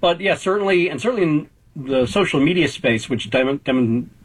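A man in his fifties, a political journalist guest, giving measured analysis with hedges and restarts. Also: on the high side, animated, breathy edge, low-quality recording. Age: 50s. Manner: measured, hedging, frequent restarts.

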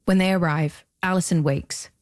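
A woman hosting and narrating a documentary podcast in a measured, scripted storytelling delivery. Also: fairly low pitch, steady tone.

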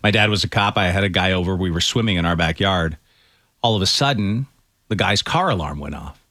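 A male radio co-host chatting casually in a dry studio. His lowish voice has a bright, forward edge. He reads listener messages aloud and laughs easily. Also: fairly quick, no echo.

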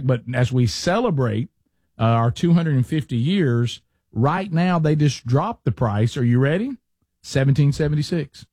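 Male talk radio host, casual, self-deprecating, mid pitch, dry studio sound. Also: darkish tone, dry recording. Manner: rambling, self-deprecating storyteller with many restarts.

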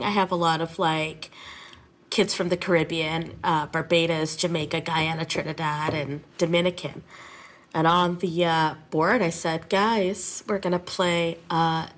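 A woman's voice: fairly low pitch, a little slow. Chatty woman music teacher. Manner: animated, chatty. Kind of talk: casual interview.

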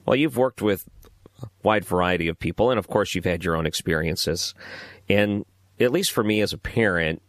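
Deep-voiced man hosting late-night radio. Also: normal speed, no room sound, clean studio sound. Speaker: radio talk show host.

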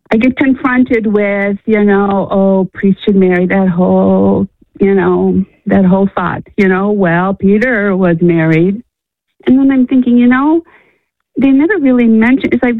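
Gravelly woman caller on a tinny phone line. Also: medium pitch, no echo. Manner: hesitant, repeats herself while working out a question. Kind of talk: phone-in conversation.

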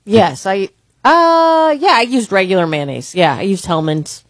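A woman co-hosting a radio show who answers with quick, agreeable replies and laughs easily. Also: fairly low pitch, lively intonation, no echo. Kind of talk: casual radio banter.

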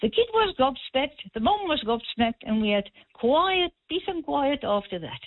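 A woman's voice: high-pitched, very animated, unhurried, no echo. A woman calling in to a radio show, telling a story hesitantly with many ums but firm in her views. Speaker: caller. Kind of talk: phone-in anecdote. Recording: tinny phone line.

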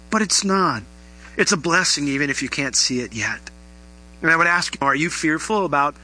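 A middle-aged man preaching a sermon, animated and rising into emphatic questions to his listeners. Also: a little high, husky, low-quality recording. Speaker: pastor.

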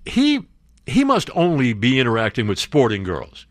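A man's voice: medium pitch, huge pitch swings, moderate pace, dry recording, clean studio sound. A man hosting a commentary show, reading news stories aloud and breaking in with sarcastic asides and jokes.

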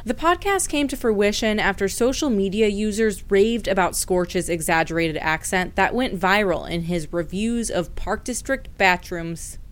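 A woman radio reporter narrating a scripted news feature in a measured, clear delivery. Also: mid-range voice.

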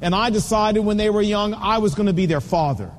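A man's voice: high voice, brisk, big-room sound, a little hiss or hum. A man in his fifties preaching a sermon, telling stories and hammering home points with an emphatic, repetitive cadence. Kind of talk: sermon to men on fatherhood.

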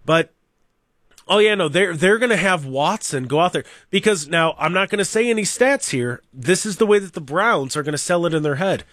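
A man with a slightly high voice hosts a sports talk radio show in a dry studio sound. He rambles in an animated, opinionated way and mocks the people he talks about. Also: normal speed, no echo. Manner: animated, rambling, mocking, with mimicked crowd voices. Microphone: studio microphone.

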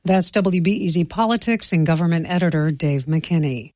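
A woman radio host conducting a news interview, asking questions in a brisk, composed way. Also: on the low side, mellow, dry recording, clean studio sound.

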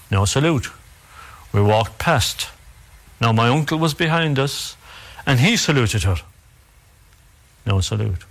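A man with an Irish accent telling an oral folk tale in a measured, dramatic way, with repetitions and pauses. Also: mid-range voice, lively intonation, vocal fry, fairly bright tone. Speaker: storyteller.

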